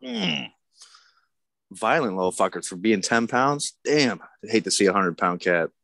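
A man's voice: on the low side, lively intonation, moderate pace, fairly bright tone, dry recording, clean studio sound. A man telling laughing, profane stories in a casual chat.

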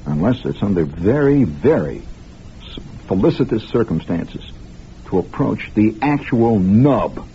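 A man's voice: fairly low pitch, sing-song, a little slow. A man telling a long story on the radio in a conspiratorial, mock-grave way, speaking straight to his listeners on an old broadcast recording. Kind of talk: improvised radio monologue storytelling. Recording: lo-fi 1960s radio broadcast, faint hiss.

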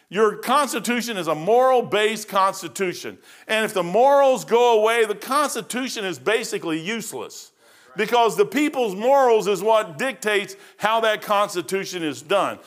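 Middle-aged pastor guy, kinda high voice, rambling folksy preaching, lots of restarts. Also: fairly bright tone. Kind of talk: sermon.

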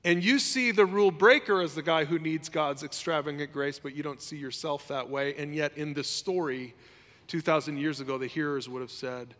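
Animated male preacher in an echoey hall. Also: a little high, moderate pace. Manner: animated, conversational preaching, acts out quotes. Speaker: pastor. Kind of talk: sermon.

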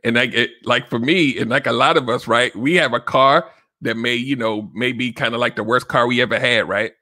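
A man's voice: medium pitch, steady tone, fairly quick, pushed and bright, dry recording. A man hosting a solo relationship-advice podcast, talking casually and directly to listeners, often checking in with "right?". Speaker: podcast host.

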